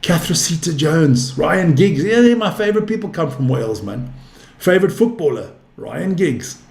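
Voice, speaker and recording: Calling scores and answering viewer chat, a darts commentator in his fifties runs a live stream in a chatty, casual way. He has a fairly high, expressive, gravelly voice that's a little mellow, speaks at normal speed, and sounds roomy and echoey.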